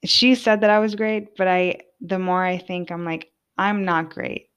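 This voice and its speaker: A woman's voice: lowish voice, fairly even intonation, unhurried, fairly bright tone, clean tone, muffled recording. A young woman hosting a podcast, talking casually and from the heart, with lots of filler words. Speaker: podcast host. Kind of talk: personal monologue.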